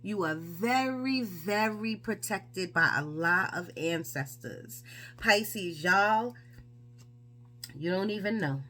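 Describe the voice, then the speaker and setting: A woman gives a casual tarot reading. She talks in a chatty, emphatic way and fires off rhetorical questions. Her voice sits at an ordinary middle pitch. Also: lively intonation, slow pace, pushed and bright, soft background music. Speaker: tarot reader.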